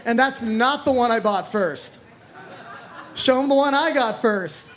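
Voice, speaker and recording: A man's voice: extremely high pitch, measured pace, a bit bright, a faint crowd. A man in his thirties from Florida doing a rambling, self-deprecating stand-up set, swearing freely. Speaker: stand-up comedian.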